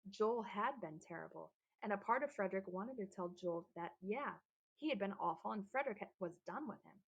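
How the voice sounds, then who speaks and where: A woman narrating a children's storybook in a gentle, even reading voice. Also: mid-range voice, fairly quick, gravelly, husky, dull audio. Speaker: audiobook reader.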